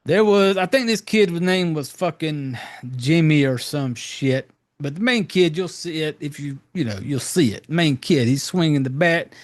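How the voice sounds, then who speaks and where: A podcast host recaps a horror film casually, rambling loosely with lots of profanity and fillers. His voice is a little high, and he speaks a little slowly.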